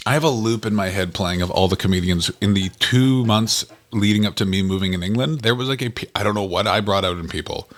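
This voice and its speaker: A man co-hosting a casual comedy podcast, talking in excited, rambling bursts with swearing and sudden jumps up in pitch. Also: fast, few pauses. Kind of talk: casual chat.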